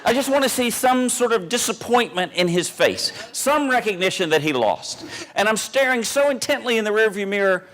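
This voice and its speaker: A man telling a self-mocking comic story on stage, animated and full of pauses and restarts. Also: high voice. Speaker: humorous keynote speaker.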